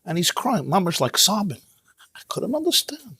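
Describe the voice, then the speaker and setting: A man teaching a Torah class as a rabbi, in an animated, emphatic way, sprinkling in Hebrew terms. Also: sits high, moderate pace, husky, no room sound, studio quality. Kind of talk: lively Torah lecture. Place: synagogue.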